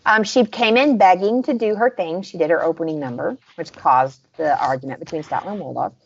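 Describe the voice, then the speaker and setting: A woman's voice: lowish voice, brisk, vocal fry, muffled recording. A woman with a Southern US accent, co-hosting a podcast in casual chat, going over scenes in detail. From American South. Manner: chatty, recaps scenes in detail. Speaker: podcast co-host.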